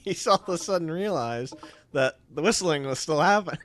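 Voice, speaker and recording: An American man speaking quietly and casually, telling a short story and giving brief replies. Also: on the high side, a little fast. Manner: relaxed, quiet, brief affirmations. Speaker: officer candidate interviewer. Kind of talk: casual conversation.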